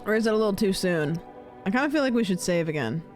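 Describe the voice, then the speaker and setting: A woman's voice: mid-range voice, lively intonation, quick pace, a little mellow, soft background music. A woman streaming a game, chatting casually and thinking aloud.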